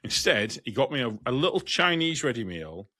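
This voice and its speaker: A man co-hosting a casual podcast, telling stories in an animated, exasperated way. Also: mid-range voice, normal speed, no echo, studio quality. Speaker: podcast co-host, truck driver.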